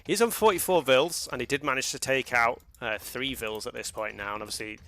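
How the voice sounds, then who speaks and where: A man's voice: medium pitch, fairly quick, a bit bright. A man casting a live strategy game match, chatty and loose, restarting his sentences often. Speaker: game caster.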